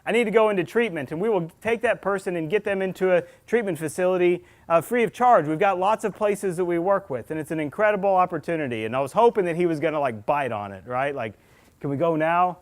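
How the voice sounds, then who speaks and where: A man's voice: high voice, quick pace, few pauses. A man, a state police officer giving a public talk, telling stories in an earnest way and acting out the dialogue. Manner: earnest storyteller, acts out dialogue, speaks to the crowd directly. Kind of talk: public presentation to an audience.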